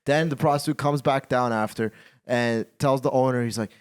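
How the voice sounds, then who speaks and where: Male podcast host, mid-pitched, animated and profane, casual chat. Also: moderate pace, clean tone. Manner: animated, repetitive, swearing freely.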